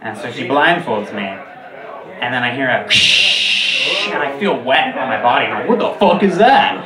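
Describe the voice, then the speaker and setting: A man performs stand-up comedy on a club stage, his voice sitting at an ordinary pitch. He jumps higher and louder on his punchlines. The sound is roomy and heard from some way off the mic. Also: animated, normal speed, a crowd in the background. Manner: jumps high and loud on punchlines. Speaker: stand-up comic. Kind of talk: stand-up routine. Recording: roomy and distant. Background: audience laughter.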